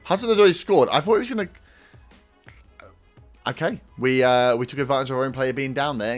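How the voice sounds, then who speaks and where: A young man casually commentating his own football management game, excitable and talking to the players as the match plays out. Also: mid-range voice. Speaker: gaming YouTuber. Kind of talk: casual let's-play commentary.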